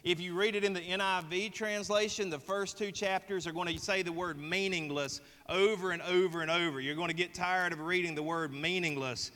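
A man's voice: high-pitched, steady tone, brisk, hardly any pauses, bright, forceful tone. A man with a Southern US accent preaching a sermon, folksy and joking as he polls the congregation. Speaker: pastor. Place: church sanctuary. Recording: long reverb of a church hall.

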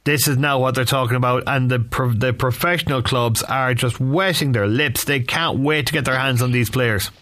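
A man's voice: medium pitch, steady tone, normal speed, few pauses, a bit bright. Male radio host, casual chat, rambling curious questions.

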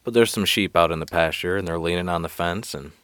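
A man's voice: sits low, quick pace, a bit bright, dry recording. A man hosting a solo podcast, telling a joke in a rambling, self-deprecating way and laughing often. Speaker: podcast host.

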